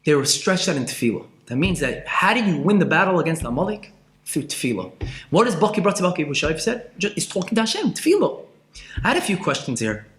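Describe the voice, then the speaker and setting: A man teaches Torah with passion, his high voice leaping and dropping as he asks question after question. He goes from loud outbursts to quiet asides, and the room around him rings with echo. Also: big pitch swings, quick pace. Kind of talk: Torah class.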